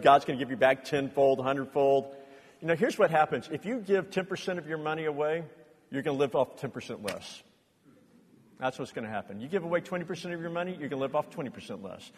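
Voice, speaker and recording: A middle-aged man preaching a sermon as pastor, telling personal stories earnestly and rising to loud impassioned bursts. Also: on the high side. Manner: earnest storytelling, builds to loud impassioned outbursts. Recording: long reverb of a large hall.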